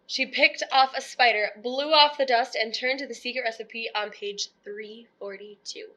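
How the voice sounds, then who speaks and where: A woman teacher reading a children's picture book aloud in a lively, expressive way. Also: on the high side, normal speed.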